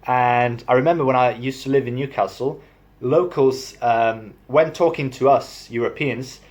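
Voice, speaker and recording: Young man, chatty, self-deprecating, casual accent explainer, mid pitch. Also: fairly even intonation, moderate pace, darkish tone. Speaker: language assistant. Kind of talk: casual accent demo video.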